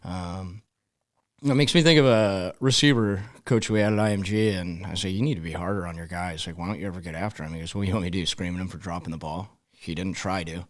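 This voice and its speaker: A middle-aged football coach with a low voice talks through his stories at an easy pace. He slips into the voices of the people he quotes, plays them out briefly, then goes back to telling. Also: quick pace. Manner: relaxed storyteller who acts out quoted dialogue. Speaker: high school football head coach. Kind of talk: podcast interview, storytelling.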